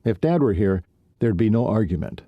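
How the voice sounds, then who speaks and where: A man's voice: lowish voice, big pitch swings, moderate pace, no room sound, muffled recording. Man voicing a dry-humored young rancher. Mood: wry.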